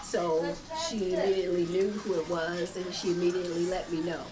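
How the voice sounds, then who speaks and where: A woman telling a personal story in a measured, plain way. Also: on the low side, flat delivery, over music, low-quality recording. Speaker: interviewee.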